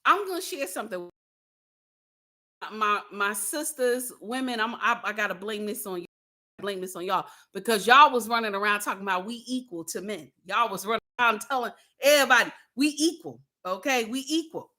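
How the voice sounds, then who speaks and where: A woman's voice: mid-range voice, expressive, normal speed, pushed and bright. A woman hosting a casual livestream, talking bluntly and preachily to her viewers and repeating her points for emphasis. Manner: addresses viewers and chat directly. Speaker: livestream host.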